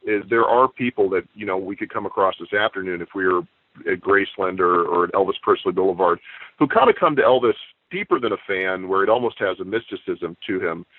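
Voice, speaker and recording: A man with a fairly low voice, a comic book writer guesting on an interview. He tells stories in a relaxed, reflective way. The sound is dry and thin, like it comes over a phone line. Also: fairly quick, dry recording. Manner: storytelling, leisurely and reflective. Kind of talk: casual interview chat.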